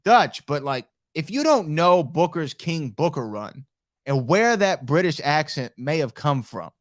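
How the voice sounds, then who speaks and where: A man co-hosts a podcast in a playful, teasing way. His voice is fairly high and moves lively through its range. The sound is close and dry. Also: unhurried, dry recording. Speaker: podcast co-host. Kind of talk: casual podcast chat.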